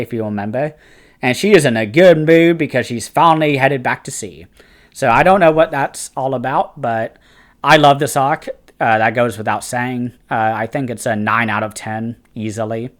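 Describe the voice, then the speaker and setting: Eager, chatty man reviewing manga. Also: medium pitch. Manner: eager and chatty, frequent "uh" fillers and restarts. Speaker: host of a fantasy book and manga review channel. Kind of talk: casual spoken review.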